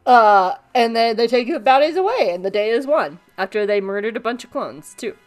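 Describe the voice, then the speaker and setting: A woman's voice: fairly high pitch, lively intonation, normal speed, faint music behind. A woman co-hosting a podcast, playfully recapping an episode and laughing. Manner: playful, laughs, does character voices. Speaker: podcast co-host.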